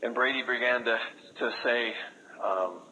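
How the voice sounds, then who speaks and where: A man speaking as a missionary, telling a story to an audience in an earnest way, with lots of halting restarts. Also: mid-range voice, bright, forceful tone, lo-fi sound, slight background noise. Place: room with a live audience.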